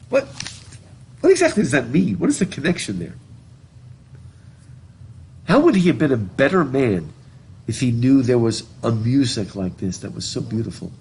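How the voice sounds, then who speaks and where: A middle-aged college professor teaches literature through a mask, his husky voice slightly muffled on a classroom recording device. His mid-range voice is a little mellow and very animated, moving at a moderate pace with frequent pauses. He wanders chattily off topic, reads passages aloud and keeps asking students questions.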